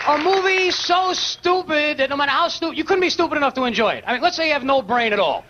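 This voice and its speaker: A man's voice: very high voice, expressive, quick pace, some chatter behind, slight background noise. A man doing a stand-up set on television, telling his joke in an incredulous, mocking way. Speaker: stand-up comedian. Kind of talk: stand-up set on a late-night show. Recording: dull old broadcast tape, loud audience. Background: audience laughter.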